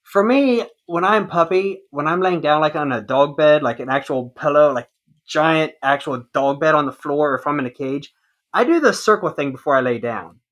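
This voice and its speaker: A man co-hosting a casual podcast chat, telling a long personal story in an animated way. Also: a little high, normal speed. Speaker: podcast co-host.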